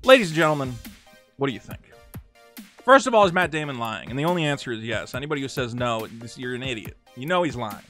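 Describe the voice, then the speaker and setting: A man's voice: medium pitch, expressive, fast, bright, forceful tone, faint music behind. A man from Massachusetts, hosting a sarcastic, ranting commentary vlog. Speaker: commentary host.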